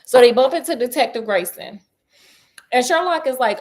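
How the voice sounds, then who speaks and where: A woman's voice: a little high, a little fast. Chatty woman retelling a story. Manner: chatty and slangy, acting out characters' lines. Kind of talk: casual retelling of a detective story.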